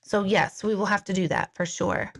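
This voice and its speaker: A woman's voice: medium pitch, normal speed, gravelly. A woman hosting a casual live-stream Q&A from a room at home. She talks informally, reads viewer comments aloud and laughs easily. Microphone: live-stream device mic.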